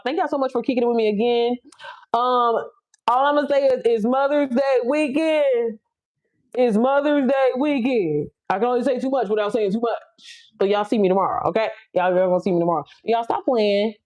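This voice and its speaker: A woman, chatting casually and bluntly with viewers on her livestream, laughing often and jumping up high for emphasis. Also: a little mellow. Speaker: livestream host. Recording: slightly dull lo-fi audio.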